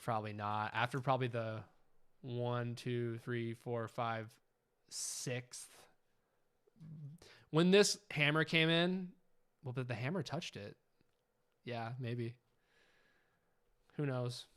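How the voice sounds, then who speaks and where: A man hosting a live trading stream, chatting casually and getting excited as he watches the charts. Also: medium pitch, takes it slowly, long pauses, clean tone. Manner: chatty, excitable, keeps asking "you know what I'm saying".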